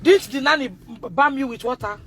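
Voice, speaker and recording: Nigerian woman, phone livestream, distressed, re-enacts conversations, sharp bright tone. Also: sits high, a little fast, a little hiss or hum. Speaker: mother speaking on a livestream. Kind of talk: emotional livestream testimony.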